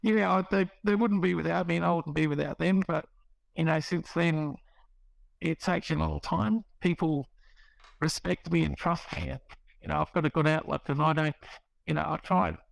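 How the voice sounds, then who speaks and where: A man's voice: fairly high pitch, steady tone, normal speed, creaky, no room sound, low-quality recording. A middle-aged man, casually telling his recovery story in a rambling way, with restarts and quoted dialogue. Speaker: guest sharing recovery story.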